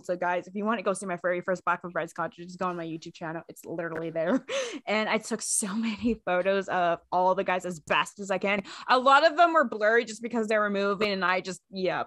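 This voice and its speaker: A young woman co-hosting a fan podcast, telling animated stories in casual chat and laughing often. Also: mid-range voice, no room sound, studio quality. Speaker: podcast co-host.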